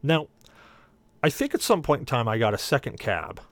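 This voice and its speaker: A man's voice: mid-range voice, normal speed, dry recording. A man on a podcast telling a long, funny story and acting out the voices in it. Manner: animated, acts out the voices in his stories. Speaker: podcast panelist. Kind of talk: comic storytelling.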